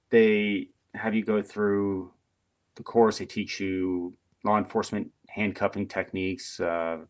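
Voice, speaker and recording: Low-voiced man telling service stories. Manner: chatty, animated storyteller with frequent fillers. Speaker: podcast guest, retired Marine. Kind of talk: casual storytelling interview.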